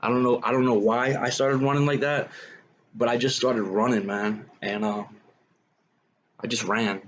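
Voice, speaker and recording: A man's voice: mid-range voice, steady tone, normal speed, lo-fi sound, slight background noise. A young man telling his own life story in a casual, rambling way, full of "man" and "you know".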